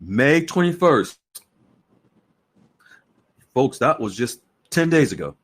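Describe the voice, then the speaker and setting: A man's voice: mid-range voice, sing-song, slow pace. A man hosting a podcast in an earnest, repetitive way, often restarting his sentences. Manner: earnest, repeats words and restarts. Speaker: podcast host. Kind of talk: casual podcast talk.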